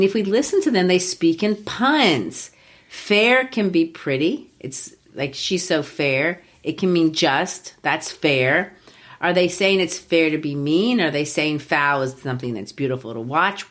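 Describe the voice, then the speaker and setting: A woman hosting a literature podcast, explaining things in a lively, teacherly way. Her voice sits a little on the low side, and she often leans on "you know.".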